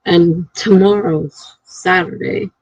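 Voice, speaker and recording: A woman writer chatting casually on her live stream, rambling and thinking out loud. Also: fairly low pitch, fairly even intonation, slow pace, breathy edge, no echo. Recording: dry, slightly dull lo-fi mic.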